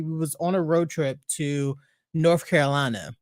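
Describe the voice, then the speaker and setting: A man's voice: a little high, fast, no room sound, studio quality. A man in casual chat, telling blunt, laid-back stories about his childhood.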